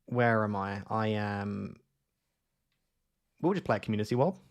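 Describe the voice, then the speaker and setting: A young man streams live while playing a map guessing game, rambling and thinking aloud with plenty of fillers and self-mocking asides as he guesses places. His fairly low voice is a little slow and creaky.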